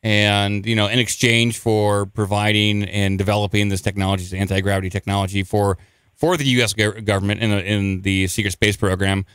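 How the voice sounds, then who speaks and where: Guy hosting a late night call-in show, smooth voice, dry close mic, rambly. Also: on the low side, flat delivery, a little fast, a bit bright, dry recording. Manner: rambling, restarts, chuckles. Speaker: radio call-in show host.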